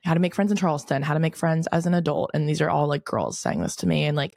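A woman in her twenties hosting a podcast, telling a story in a casual, animated way, full of "like" fillers. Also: sits low, fast talker, creaky, no echo. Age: 20s. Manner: chatty, lots of "like" fillers, animated retelling. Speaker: podcast host.

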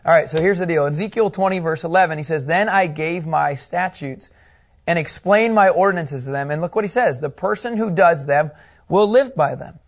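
A man teaching a Bible class, animated and asking his students questions as he goes. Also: a little high, fairly quick.

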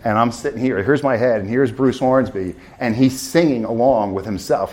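A man telling a long story in an interview, rambling and animated with many restarts. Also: mid-range voice, fairly quick. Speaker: festival volunteer driver.

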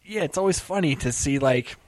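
Hesitant slightly high man, dry mic. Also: expressive, brisk, a little mellow, no room sound. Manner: hesitant, trails off, laughs often. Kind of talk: casual chat.

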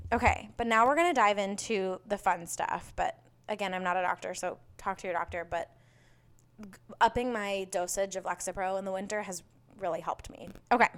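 A woman's voice: mid-range voice, clean tone. A young woman hosting a podcast, chatting casually and bubbly, with lots of fillers. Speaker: podcast host. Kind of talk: casual solo chat.

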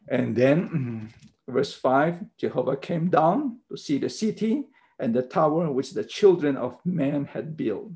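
Slow gravelly-voiced man teaching a sermon. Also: medium pitch, lively intonation, dark tone, poor audio. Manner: slow, emphatic Bible teaching with repeated "okay". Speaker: pastor.

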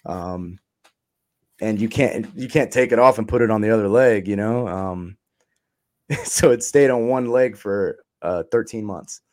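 A man with a somewhat low voice tells his own story in an easy, rambling way. He swears often, fills pauses with ums and "you know," and slips in short laughs. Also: darkish tone. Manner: profane, laid-back, trailing off with ums and laughs. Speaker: interview guest. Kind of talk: casual storytelling.

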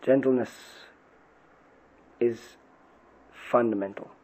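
A man's voice: medium pitch, steady tone, slow, darkish tone, poor audio. A man, a pastor, giving an earnest podcast talk on parenting and faith, often asking rhetorical questions.

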